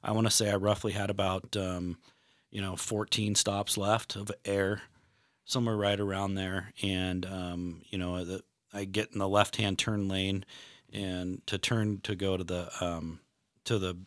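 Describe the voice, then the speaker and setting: Rambling low-voiced man, dry sound. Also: flat delivery, a little slow, a bit bright, no echo. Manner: rambling with many fillers and restarts. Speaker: retired delivery driver. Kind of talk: casual podcast chat.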